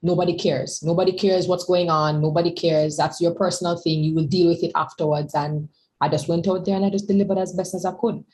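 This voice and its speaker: A woman's voice: lowish voice, steady tone, fairly quick, a little mellow, rough recording. A woman guest speaker in a candid conversation, talking emphatically and repeating words as she gathers her thoughts.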